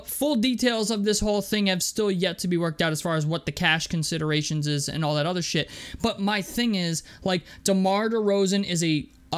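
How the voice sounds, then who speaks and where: A young man delivering an angry, profane basketball rant, stumbling over and repeating his words as he vents. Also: high-pitched. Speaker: sports commentator.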